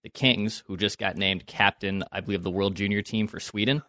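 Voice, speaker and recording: A man's voice: lowish voice, steady tone, brisk, bright, forceful tone, no room sound, studio quality. A man co-hosting a sports podcast in rambling casual chat. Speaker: co-host.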